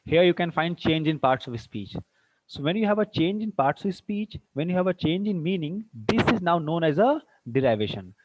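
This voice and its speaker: A man's voice: fairly high pitch, sing-song, normal speed, no room sound. A man teaching English grammar to a class, quizzing the students and mixing in Hindi. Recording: dull dry classroom recording.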